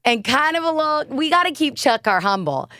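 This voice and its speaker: A woman's voice: high voice, very animated, brisk, bright, forceful tone, no echo, clean studio sound. A woman with a Southern American accent co-hosting a podcast, gushing and giggly in casual chat. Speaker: podcast co-host.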